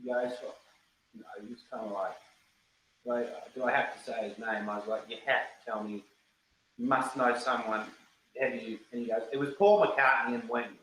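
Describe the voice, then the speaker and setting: A man's voice: medium pitch, sharp tone. A man, a band guitarist telling a studio story in a casual interview, rambling and acting out quotes. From New Zealand. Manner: rambling, repeats words, acts out quotes. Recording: roomy echo, faint background noise.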